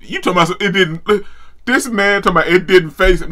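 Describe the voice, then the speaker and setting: Excitable bright-voiced man reacting loudly. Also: sits high, fairly quick. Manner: excitable, loud exclamations and laughing; slangy, stammering restarts. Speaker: anime reaction host.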